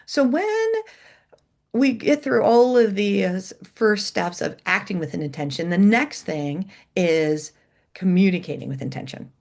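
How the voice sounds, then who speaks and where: A woman's voice: mid-range voice, expressive, a little slow, gravelly. A middle-aged woman presenting an educational webinar, coaching listeners and demonstrating how emphasis changes meaning. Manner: warm coaching tone, reads chat aloud, demonstrates emphasis.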